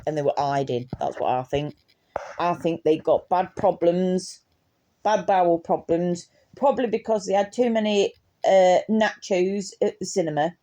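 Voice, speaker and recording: A woman's voice: on the low side, normal speed, dark tone. A young woman tells a casual storytime anecdote, laughing often and swearing freely. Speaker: vlogger.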